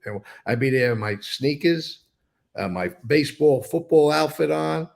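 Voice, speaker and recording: With a gravelly edge to his slightly high, expressive voice, an older interview guest talks at normal speed in a relaxed sit-down setting. His storytelling wanders, stays blunt and unfiltered, and has swearing scattered throughout.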